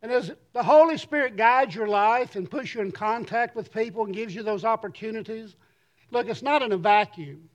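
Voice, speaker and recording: A middle-aged man, a pastor, preaching a sermon in an earnest way and reading scripture slowly with emphasis. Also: sits high, highs cut off.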